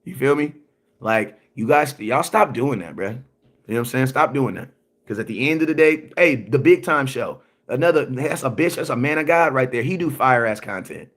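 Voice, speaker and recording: A man hosts a sports livestream, ranting in slangy, repetitive talk and answering viewer comments. His medium-pitched, slightly bright voice is animated at a moderate pace, and he emphatically keeps asking "you know what I'm saying."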